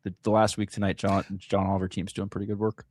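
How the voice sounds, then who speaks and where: A man's voice: lowish voice, flat delivery, fast talker, darkish tone. A man co-hosting a casual live talk show, joking and hesitant with many fillers. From United States. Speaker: co-host.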